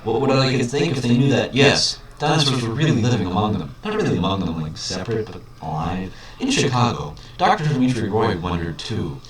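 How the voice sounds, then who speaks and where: A man reading a children's book aloud, breaking off for mocking, deadpan commentary. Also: lowish voice, brisk, hardly any pauses. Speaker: reader. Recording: echoey room, distant mic, faint hiss.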